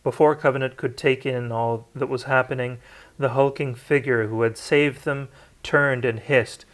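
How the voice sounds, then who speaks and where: A man's voice: mid-range voice, fairly even intonation, a little slow, a bit bright. A man reading a novel aloud, unrehearsed, with occasional slips and restarts. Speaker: audiobook narrator. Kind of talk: unrehearsed read-aloud narration.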